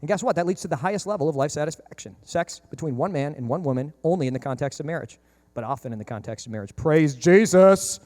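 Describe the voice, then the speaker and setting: A male pastor preaching a sermon in an animated, conversational way, with humorous asides, often acting out the people he quotes. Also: fairly high pitch, racing, no echo.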